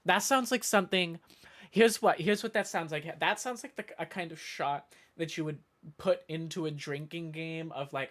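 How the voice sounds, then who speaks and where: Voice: mid-range voice, moderate pace, fairly bright tone. A livestreamer rambling in casual chat with viewers, playful and full of mock outrage and self-interruptions.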